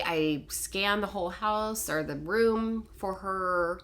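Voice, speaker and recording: A middle-aged woman telling a personal story to camera in a casual, animated, self-deprecating way. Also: fairly low pitch, takes it slowly. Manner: animated, self-deprecating, quotes others in dialogue. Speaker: vlogger telling a life story.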